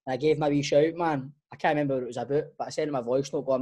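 A man with a Scottish accent, a co-host who tells animated, teasing stories about his friends. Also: on the high side, very fast. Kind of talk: casual banter.

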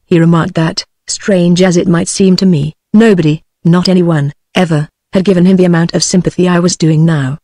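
A text-to-speech woman's voice with a British English accent, reading a classic story aloud in an even synthetic delivery. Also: lowish voice, moderate pace, few pauses, no echo. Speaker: narrator.

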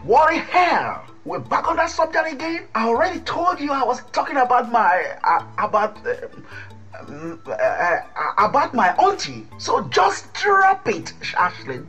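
A woman voicing an evasive, cheating young man in a radio drama, with a defensive, excitable manner. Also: on the high side, normal speed, dull audio, soft background music. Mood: indignant.

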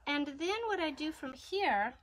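A gentle woman guides children through a drawing lesson, talking through each step as she works. Her voice sits a little high, and her tone is chatty and unhurried. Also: expressive, slight background noise. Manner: gentle, chatty, thinking aloud while drawing. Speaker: kids yoga and art teacher.

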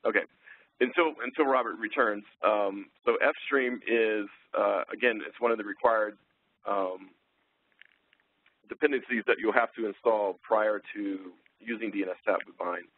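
A man presenting a technical webinar, relaxed and full of ums and uhs as he thinks aloud. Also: on the low side, moderate pace, slightly rough, no echo. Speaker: webinar presenter, sales engineer. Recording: tinny phone-line audio.

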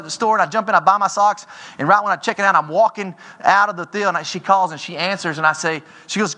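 A man in his forties giving a motivational keynote speech from a conference stage, telling stories with energy and often rising in pitch and volume. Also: steady tone, fast, bright, forceful tone. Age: 40s. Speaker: keynote speaker. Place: conference stage before an audience.

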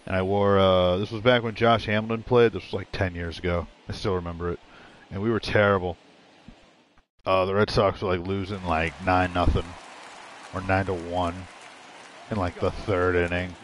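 A man's voice: sits low, level tone, moderate pace, a little hiss or hum. A man giving casual, rambling commentary while playing a video game, blunt and full of swearing. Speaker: gaming streamer. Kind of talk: casual let's-play commentary.

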